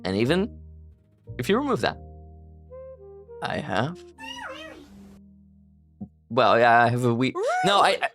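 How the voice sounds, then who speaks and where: A woman's voice: a bass voice, very animated, slow, pauses often, faint music behind. A woman streamer chatting casually on a live stream, playful and giggly, protesting in flustered bursts.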